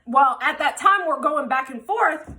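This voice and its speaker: A young woman vlogger telling a storytime in a frank, animated, profane way. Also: high voice, unhurried. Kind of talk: storytime vlog.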